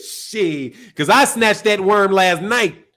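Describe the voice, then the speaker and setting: A man's voice: sits high, lively intonation, slow, bright, forceful tone. A man from Chicago with a Chicago accent, hosting a live boxing stream in a loose, profane, rambling way with frequent laughs. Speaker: boxing channel host. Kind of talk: casual live-stream rant.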